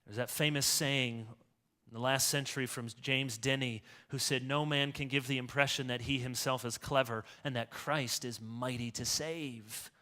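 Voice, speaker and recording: Man, pastor, sermon, very bright tone, rhetorical, emphatic. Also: mid-range voice, fairly even intonation, normal speed. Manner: rhetorical, swings from hushed asides to loud emphatic peaks. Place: church.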